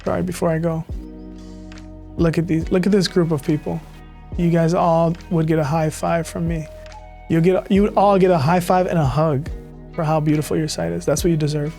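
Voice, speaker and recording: A man with a slightly raised voice talks through websites in casual, excited commentary. He rambles and cuts himself off mid-sentence, with faint music underneath. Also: a little high. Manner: enthusiastic, rambling, self-interrupting. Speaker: web designer reviewing sites. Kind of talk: casual screen-share commentary.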